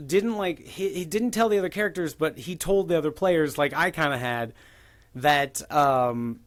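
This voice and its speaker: A man's voice: on the high side, fairly bright tone. A man telling a rambling tabletop-game story in casual podcast chat. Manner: rambling, with many restarts.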